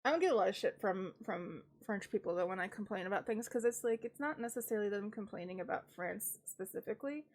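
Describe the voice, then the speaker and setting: A woman's voice: medium pitch, lively intonation, fast, hardly any pauses, a little mellow. A woman from the United States chatting casually on a live stream, ranting wryly and laughing often, congested from a cold.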